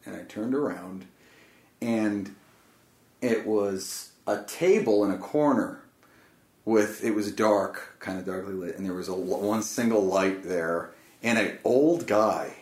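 A man's voice: on the low side, slow pace, a little mellow. A man telling a personal story in casual conversation, earnest and rambling, often stopping and restarting. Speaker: guest. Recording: roomy echo.

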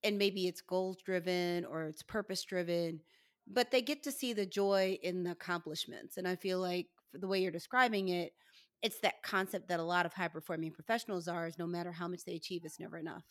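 A woman's voice: lowish voice, steady tone, a little fast, no room sound, studio quality. A woman hosting an interview podcast, encouraging her guest and reflecting on her points. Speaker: podcast host. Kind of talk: casual interview conversation.

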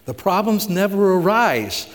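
Male pastor, fairly high voice, easy conversational sermon, long hall reverb. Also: sing-song, unhurried. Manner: asks rhetorical questions, retells stories with emphasis.

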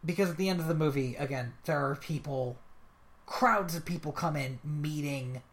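A podcast host in casual conversation, chatty and quick, often cutting in with afterthoughts. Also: medium pitch.

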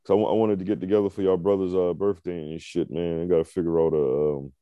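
Deep-voiced laid-back man. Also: flat delivery, fast, smooth, dry recording, highs cut off. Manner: laid-back, profane, repeats words when starting. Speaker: podcast co-host. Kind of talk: casual chat.

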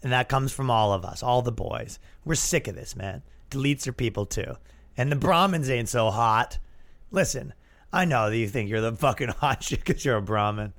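A man's voice: medium pitch, normal speed, vocal fry, fairly bright tone. A young man with a Canadian accent, hosting a comedy podcast in a crude, sarcastic, rambling rant. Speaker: podcast host.

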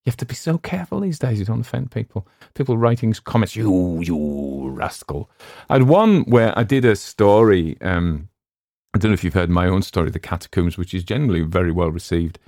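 Man, West Cumbrian accent, chatty and self-deprecating, very low voice, dead dry room. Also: fast, darkish tone, no room sound. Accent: West Cumbrian English. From West Cumbria, England. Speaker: audiobook narrator and podcast host. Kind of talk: casual rambling chat.

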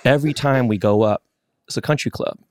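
Fast-talking profane storyteller man. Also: mid-range voice. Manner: animated, profane, acts out quotes. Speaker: podcast co-host. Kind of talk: casual storytelling.

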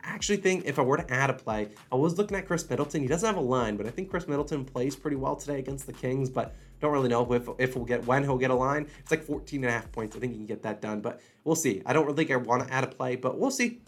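A man hosting a sports betting channel, talking through his picks in a casual, animated way, sounding slightly under the weather. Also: medium pitch. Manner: fast, animated, conversational with restarts. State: slightly unwell.

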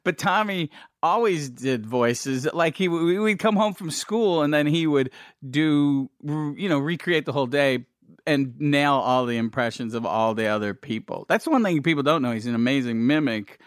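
A man's voice: fairly high pitch, expressive, moderate pace, no echo, studio quality. A man telling stories in casual chat, rambling with restarts and laughing often.

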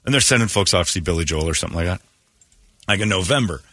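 A man hosting a radio show, ranting and teasing in animated, casual talk from a studio. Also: low voice, racing, dry recording. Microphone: studio microphone.

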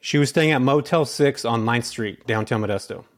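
A man's voice: medium pitch, normal speed. A man as a podcast guest, telling his story casually and animatedly, acting out bits of dialogue between lots of filler words.

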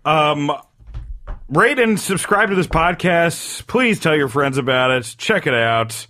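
A man's voice: a little high, expressive, bright, forceful tone. A man hosting a comedy podcast, joking and teasing his guests in casual chat. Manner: joking, teasing, quick plugs. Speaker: podcast host.

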